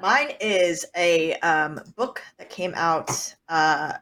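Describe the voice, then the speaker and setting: A woman co-hosting a podcast, telling a story in a relaxed way with fillers. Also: on the low side, very slow. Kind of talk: casual podcast chat.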